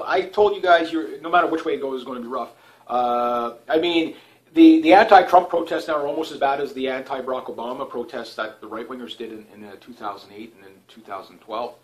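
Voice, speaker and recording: A man talking casually in a rambling monologue, full of fillers and restarts. He often laughs at himself, and he speaks loudly and then trails off quietly. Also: a little high, low-quality recording. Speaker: video blogger.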